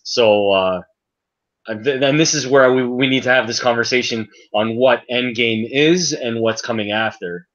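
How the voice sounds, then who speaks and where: A man's voice: medium pitch, moderate pace, a bit bright. A man joining a live online chat, enthusiastic and agreeable. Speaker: guest. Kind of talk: casual chat. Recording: dull lo-fi call audio.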